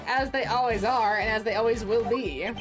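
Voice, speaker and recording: A woman's voice: fairly high pitch, normal speed, close to an everyday voice. A woman voicing a boastful, arrogant male bodyguard who thinks of himself as a chess strategist, with game music underneath. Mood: smug. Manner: boastful, sneering.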